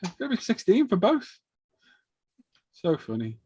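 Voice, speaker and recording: A man's voice: sits high, normal speed, husky, dull audio. A man, hosting a live stream in casual chat and acting out funny shop stories. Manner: animated storyteller acting out shop exchanges.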